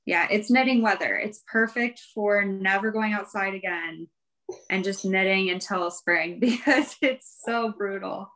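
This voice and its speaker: A woman's voice: medium pitch, measured pace, a bit bright, low-quality recording. A woman guest in a casual interview, telling her story in a rambling, chatty way with light laughs. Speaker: guest, fiber arts professional.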